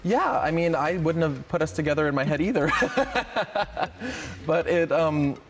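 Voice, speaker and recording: A man's voice: on the high side, animated, a little slow, over music. A man from Canada with a Canadian accent, chatting as an easygoing interview guest who laughs often. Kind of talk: casual interview chat.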